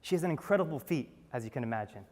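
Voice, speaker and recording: A man's voice: medium pitch, animated, racing, a little mellow, big-room sound. A man giving a talk on stage, telling stories earnestly and asking the audience rhetorical questions. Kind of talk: storytelling talk.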